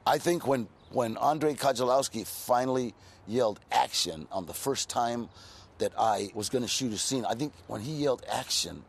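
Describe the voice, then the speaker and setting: A gravelly-voiced man in his sixties tells his stories in a relaxed, streetwise way, leaning on "you know" between thoughts. The voice sits at an ordinary middle pitch with a rough, crackly edge. A faint hiss runs under the recording. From California, US. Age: 60s. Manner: laid-back, streetwise storytelling with frequent "you know". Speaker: interview guest. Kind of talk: casual storytelling interview.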